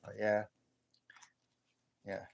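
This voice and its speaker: A man's voice: very slow, darkish tone. A man hosting a live stream, chatting in a rambling, folksy way and thanking viewers by name. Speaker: livestream host. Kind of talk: casual live-stream chat.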